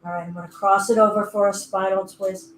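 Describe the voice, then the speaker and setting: In an echoey indoor room with faint music and slight background noise, a woman leads a virtual yoga class in a mid-range, flat voice, a little fast. Her manner is still playful and chatty as she gives her breath and body little voices.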